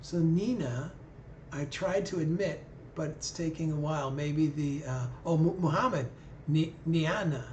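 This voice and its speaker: A man's voice: fairly high pitch, a little slow, a little mellow, lo-fi sound, slight background noise. A man hosting a live video call with callers, talking in an easygoing, conversational way. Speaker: livestream host. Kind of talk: casual live chat with callers. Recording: echoey room.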